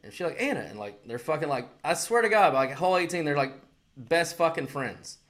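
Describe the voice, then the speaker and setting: A man, co-hosting a casual podcast chat, animated and profane, acting out other people's lines as he tells a story. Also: fairly high pitch, brisk. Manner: animated storyteller, heavy swearing, acts out quotes. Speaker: podcast co-host.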